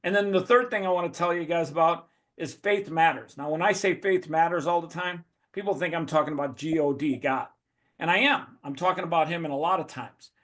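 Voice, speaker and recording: A man's voice: fairly high pitch, brisk, a bit bright. A man giving a blunt, profane motivational talk as a guest speaker over a video call.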